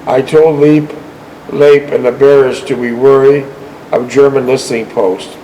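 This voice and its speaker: A man's voice: mid-range voice, steady tone, dark tone, slight background noise, poor audio. A man hosting a show, reading a veteran's war memoir aloud with short asides, often stumbling and correcting himself. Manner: halting reading with frequent self-corrections.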